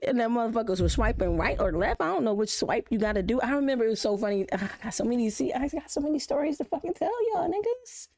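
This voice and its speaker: A woman streamer talking casually over a reaction video, her pitch swinging widely as she tells stories. She swears freely and jumps between topics in a loose, chatty way. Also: quick pace, few pauses. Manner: profane, animated storytelling with laughs. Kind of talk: casual live-stream chat.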